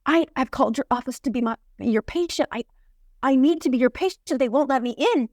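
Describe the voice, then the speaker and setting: A woman voicing a loud, fast-talking woman with a thick Brazilian accent who has just left hospital. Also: high voice, no echo, studio quality, pitched above the performer's own voice. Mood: pleading. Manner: very loud and rapid, insistent.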